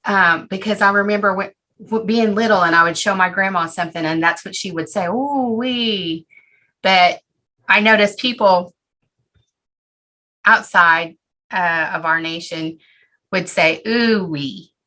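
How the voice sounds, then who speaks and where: Bright-voiced woman asking her teacher a question. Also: fairly low pitch, fairly even intonation, normal speed, long pauses, poor audio. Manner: reflective, hesitant. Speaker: student. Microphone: video call.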